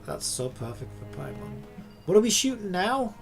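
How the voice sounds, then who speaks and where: Gravelly-voiced man grumbling at a game. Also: high voice, sing-song, moderate pace, soft background music. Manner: swears freely, grumbles and talks to himself. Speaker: game streamer. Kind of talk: casual live gameplay commentary.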